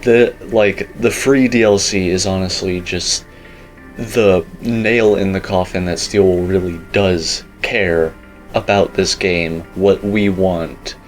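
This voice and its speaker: A man's voice: sits low, fairly even intonation, slow pace, soft background music, low-quality recording. A young man giving casual, rambling commentary on a game teaser, opinionated and full of filler words. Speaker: gaming YouTuber.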